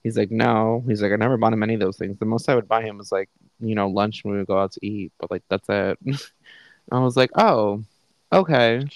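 A young man with a fairly low voice briskly retells a conversation on a podcast he hosts from home, dropping profane, honest asides along the way. The recording, made through a live online call setup, is dry and rough.

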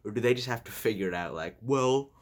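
Racing along in a lowish voice, a young podcast host delivers a casual solo monologue. His talk is blunt, crude, flippant and rambling, and he laughs a lot.

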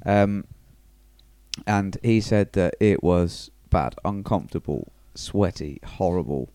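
A chatty man with a lowish voice, recorded dry and close with little room sound. He keeps talking in a relaxed, loose way and often repeats a word as he restarts. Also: takes it slowly, dry recording. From England. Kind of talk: casual chat.

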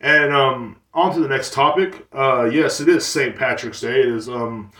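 A man hosting a casual monologue podcast, rambling and boasting, crude and full of fillers. His voice sits at an everyday middle pitch. It sounds echoey, picked up from a distance by the mic. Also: normal speed, pushed and bright. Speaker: podcast host.

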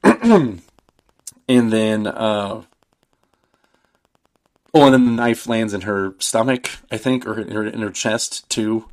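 A man's voice: on the low side, animated, slow, pauses often, darkish tone. A man in his thirties casually recapping a film on a podcast, rambling and swearing, acting out the characters' lines. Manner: rambling, swearing, acts out quotes with laughs. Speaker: podcast host.

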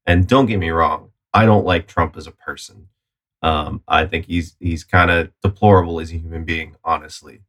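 Man, very low voice, measured podcast co-host who explains at length. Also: steady tone, a bit bright. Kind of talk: casual political chat.

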